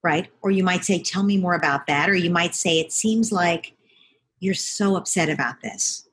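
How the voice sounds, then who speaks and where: Calm middle-aged woman coaching parents, lowish smooth voice. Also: normal speed. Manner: calm, coaching, acts out parent and child lines. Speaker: parenting expert guest. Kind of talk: conversational advice.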